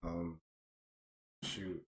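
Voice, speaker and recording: A man speaking in a halting, earnest way, searching for his words as he responds. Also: background noise. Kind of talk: earnest casual discussion. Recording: roomy echo.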